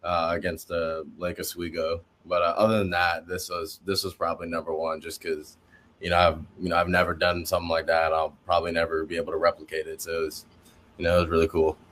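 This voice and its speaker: A man's voice: deep voice, monotone, fast talker, a bit bright, a little hiss or hum. A young man answering interview questions casually, in a humble, hesitant way with many fillers. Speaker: guest college football player.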